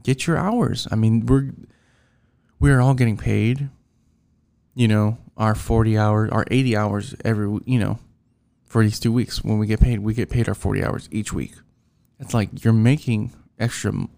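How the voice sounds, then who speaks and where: A man's voice: on the low side, dark tone. A man ranting casually about his coworkers, rambling and frustrated, with lots of fillers and restarts. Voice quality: gravelly. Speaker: driver venting about work.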